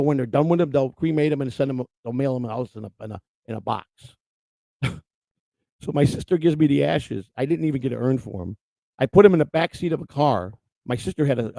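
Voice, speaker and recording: A man's voice: medium pitch, creaky, darkish tone, no echo. A man hosting a livestream show, telling a rambling personal story in a casual, profane way. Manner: rambling, profane, laughs at his own story.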